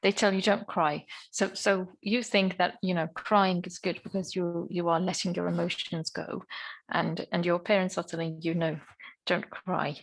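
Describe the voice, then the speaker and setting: A woman's voice: on the low side, little pitch movement, normal speed, a little hiss or hum, poor audio. A woman teaching an online speaking lesson over a video call, patiently asking questions and giving encouraging praise. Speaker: English teacher.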